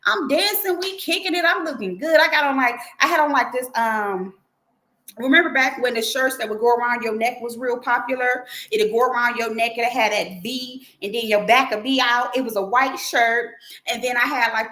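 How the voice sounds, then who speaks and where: Animated, profane woman telling a story. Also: fairly high pitch, moderate pace, reverberant. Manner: animated, profane, acts out quotes in her telling. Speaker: livestream host. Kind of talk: casual storytelling to a livestream audience.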